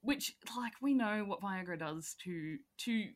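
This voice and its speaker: A young woman co-hosting a casual chat, telling animated stories, laughing often and acting out quotes. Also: mid-range voice, a little slow. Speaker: podcast co-host.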